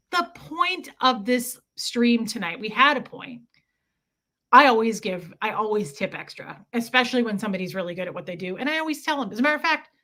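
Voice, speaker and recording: A woman hosts a casual livestream in a mid-range voice that's bright and forceful, chatting her way through stories and acting out the dialogue as she goes.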